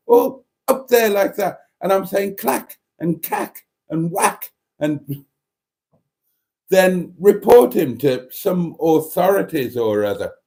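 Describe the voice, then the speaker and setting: A man chatting on his own livestream, reading out comments from viewers. He rambles in a dry, self-mocking way. His fairly high voice jumps all over the place as he talks. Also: warm tone. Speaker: livestream host.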